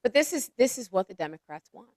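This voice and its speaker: A woman's voice: fairly high pitch, big pitch swings, fast, darkish tone, dry recording, clean studio sound. A woman co-hosting a casual political talk show, speaking bluntly and emphatically.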